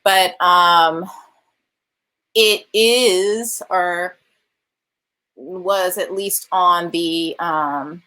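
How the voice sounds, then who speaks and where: A woman film director from California with a Californian accent, telling an animated story in a virtual interview and acting out what other people said. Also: fairly low pitch, extremely slow, long pauses. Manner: animated, laughs often, acts out quoted voices. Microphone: video call.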